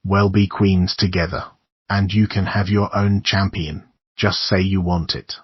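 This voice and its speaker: A man reads a young woman with an otherworldly coldness, coaxing and eerily calm. The voice sits low and husky, his own, in a dry, dull recording. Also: measured pace, no room sound. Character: young woman, cold otherworldly sister, calculating.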